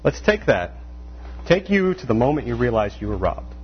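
Man, preacher, lively delivery, conversational sermon; dull recording with a low hum. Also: moderate pace. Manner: animated, acts out quoted voices, rhetorical questions. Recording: dull lo-fi sound with faint mains hum.

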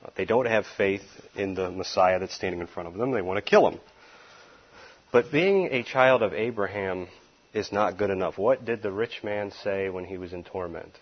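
A low, husky male voice at normal speed teaches through a Bible passage. His manner is emphatic and folksy, full of wry asides that sometimes make him laugh, and the highs are cut off.

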